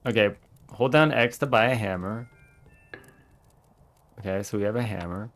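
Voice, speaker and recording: A man giving casual let's-play commentary as he streams a game, excitable and yelling at the characters in mock outrage. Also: lowish voice, normal speed.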